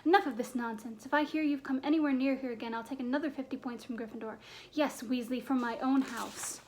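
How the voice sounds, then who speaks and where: A strict old witch professor , voiced by a woman reading aloud, speaks coldly and curtly in a high register. Every word comes out short and clipped. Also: fast, slight background noise, close to an everyday voice. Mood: stern. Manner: cold and clipped. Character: stern older female witch teacher.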